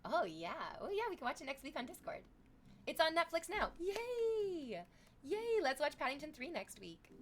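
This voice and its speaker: A young adult woman livestreaming, chatting casually with viewers, thanking subscribers and reading chat messages aloud in an animated way. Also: high-pitched, fairly quick, a little hiss or hum.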